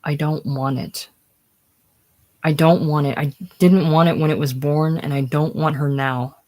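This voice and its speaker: A worn-out eighteen-year-old mother, voiced by a reader, wavering between pleading, shouting and broken whispers. It is a casual screenplay reading, not a staged production. The voice sits at an ordinary middle pitch. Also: moderate pace, natural voice. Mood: desperate.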